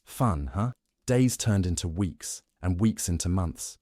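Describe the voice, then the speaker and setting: A man narrating a humorous bedtime sleep story in a wry, deadpan manner, addressing his subject as "you". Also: low-pitched, unhurried, no echo, studio quality.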